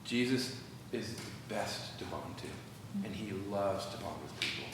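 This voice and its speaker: A man leading a church workshop, animated and acting out quoted dialogue. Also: on the low side, normal speed. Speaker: workshop speaker. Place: church hall. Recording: echoey hall from far off, noisy.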